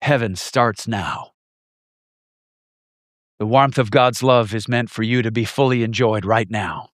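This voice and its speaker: A man preaching a sermon with emphatic repetition, swinging between loud stresses and hushed lines. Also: mid-range voice, a little slow, no echo, clean studio sound.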